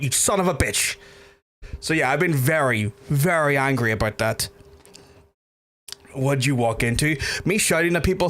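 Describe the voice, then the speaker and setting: A man's voice: medium pitch, a bit bright. A man chatting casually on a gaming livestream, ranting and swearing heavily, rambling with lots of fillers. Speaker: gaming streamer.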